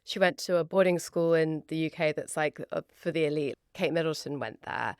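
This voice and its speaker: A woman from the United Kingdom co-hosting a podcast, lively and quick to react. Her voice sits on the lower side and sounds smooth and clear. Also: no room sound, clean studio sound. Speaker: podcast co-host. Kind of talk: casual podcast chat.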